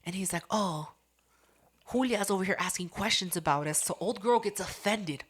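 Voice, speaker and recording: A young woman on a podcast telling a story in casual, profane chat, acting out quotes with big jumps in loudness. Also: medium pitch, moderate pace, slightly rough. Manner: animated, profane, acts out quotes loudly. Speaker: podcast host.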